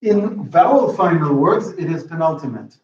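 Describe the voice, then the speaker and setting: A man giving an academic talk in linguistics, halting and restarting often, checking in with the audience. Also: on the high side, animated, a little mellow, far from the mic. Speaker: linguistics lecturer. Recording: roomy lo-fi hall recording from afar.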